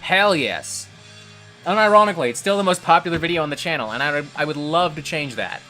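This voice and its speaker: A man's voice: on the high side, animated, fairly quick, sharp tone, soft background music. Profane, ranting male livestream host. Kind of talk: livestream commentary reading chat.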